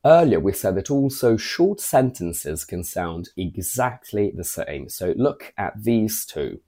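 A man's voice: fairly low pitch, sing-song, slow, warm tone. A man teaching English pronunciation in a video lesson, spelling words out letter by letter and carefully modeling phrases.

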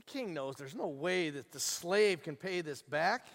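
A man preaching a sermon as a pastor, telling a story with lively asides and acting out the characters. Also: sits high, moderate pace, hardly any pauses, big-room sound.

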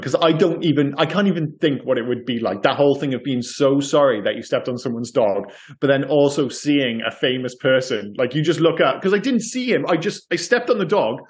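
A man co-hosting a podcast in casual chat, animated and hesitant, acting out what people said. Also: mid-range voice, brisk, hardly any pauses. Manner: animated, hesitant, acts out quotes. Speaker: podcast co-host.

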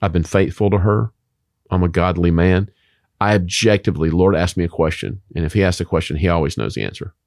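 Low-voiced man preaching emphatically. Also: fairly quick, vocal fry, darkish tone, dry recording, clean studio sound. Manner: emphatic, preacher-like, rhetorical questions. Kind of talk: preachy faith talk.

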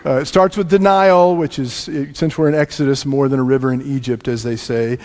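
A man preaching a sermon as pastor, telling a family story with lively shifts between loud lines and quiet asides. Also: medium pitch, a little fast. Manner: animated, swings from loud to hushed asides. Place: church sanctuary. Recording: long reverb in a large room.

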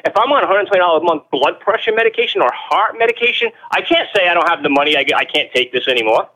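A man talks quickly and emphatically as an interview guest, with a slightly raised pitch. He stacks rhetorical questions and repeats words as he builds his points. The sound has a radio-show quality. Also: animated, pushed and bright, rough recording. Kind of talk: animated opinionated explanation.

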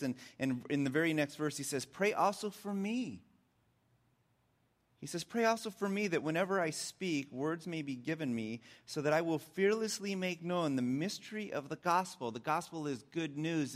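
A middle-aged man preaching as a pastor, telling stories in a conversational way that grows animated when he recounts his frustration. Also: mid-range voice. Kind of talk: sermon.

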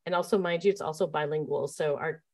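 A fast-talking woman with a slightly low, darkish voice and a steady tone reflects on being a camp staff leader during an easygoing interview. She chats freely, often starting over and using fillers such as "um" and "like."

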